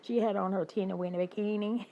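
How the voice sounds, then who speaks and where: An older woman chatting casually with her livestream viewers, animated, greeting them by name and laughing often. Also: mid-range voice, quick pace, slight background noise, rough recording. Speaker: livestream host. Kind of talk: casual chat with live viewers.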